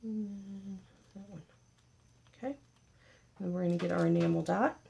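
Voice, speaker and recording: A woman's voice: mid-range voice, fairly even intonation, moderate pace, gravelly, dark tone, slight background noise. A woman hosting a casual paper craft tutorial, chatty and joking with her viewers as she works. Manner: chatty, jokey, talks to viewers while working.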